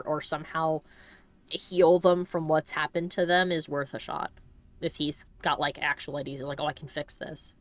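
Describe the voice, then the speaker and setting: A woman's voice: deep voice, a bit bright. A woman giving casual, playful commentary while playing a video game, exclaiming at what happens on screen. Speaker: let's-play streamer.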